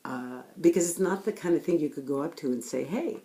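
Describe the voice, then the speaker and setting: A woman's voice: deep voice, fast talker, warm tone. A woman speaking frankly and bluntly about her own experience, with rhetorical asides to the listener. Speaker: speaker sharing personal experience. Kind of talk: candid personal talk.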